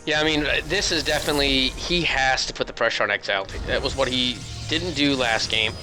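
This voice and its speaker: A man's voice: mid-range voice, fairly quick, over music, poor audio. Hiccuping male esports co-caster. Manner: analytical, chatty, interrupted by hiccups. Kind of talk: esports commentary.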